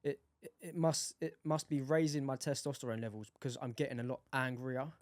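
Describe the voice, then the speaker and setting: A young man co-hosting a podcast in casual chat, swearing freely and telling animated stories. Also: mid-range voice, a little fast, no room sound. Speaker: podcast co-host.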